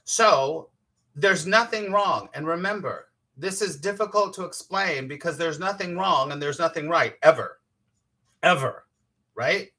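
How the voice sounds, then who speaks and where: A man's voice: a little high, animated, unhurried, pushed and bright. A man, a spiritual teacher hosting a casual live-streamed morning talk, chatty and playful, laughing often and greeting viewers by name.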